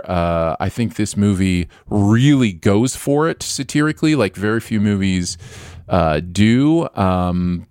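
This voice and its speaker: A male podcast host in loose, casual chat, steering the talk. His voice is gravelly and very lively in pitch. The sound is dry, with no room behind it. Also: no echo.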